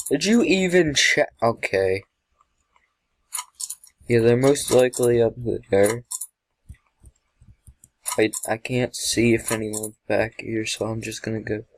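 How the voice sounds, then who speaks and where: Jumpy gamer man, slow and dry. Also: on the low side, a little mellow, dry recording. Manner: jumpy, talks to himself, yelps and laughs. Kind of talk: casual gameplay commentary.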